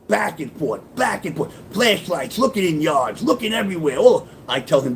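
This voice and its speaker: A man recounts his own story in blunt, profane street talk. His voice sits slightly high and leaps up and down with energy. A faint low rumble hums under the recording. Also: very animated, moderate pace, creaky, hardly any pauses. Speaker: storyteller and author. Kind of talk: casual spoken storytelling.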